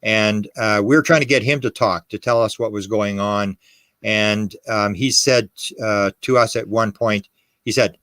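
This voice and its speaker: This UFO historian, appearing as a podcast guest, has a fairly low, steady voice with a somewhat bright tone, and he speaks unhurriedly. His storytelling is lively and meandering, full of emphasis, quoted lines, and fresh starts, recorded without echo.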